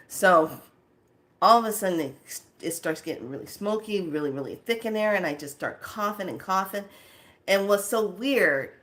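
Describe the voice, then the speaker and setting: Low-voiced woman telling a wild dream story. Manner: animated and blunt, casual swearing, acts out the scenes. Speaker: spiritual channeler and video host. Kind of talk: casual storytelling to viewers.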